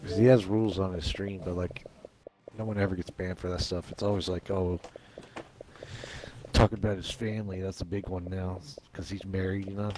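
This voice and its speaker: Low-voiced man gossiping offhandedly. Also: level tone, normal speed, music in the background. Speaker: stream co-host. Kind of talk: casual chat while gaming.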